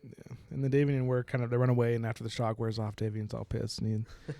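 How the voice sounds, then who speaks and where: Brief: young male book podcaster, gravelly and mellow, chatty, giggles through his recap. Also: medium pitch, completely flat delivery, fast, no echo. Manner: laughs often while retelling, uses "like" a lot. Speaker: podcast co-host. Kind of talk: casual book discussion.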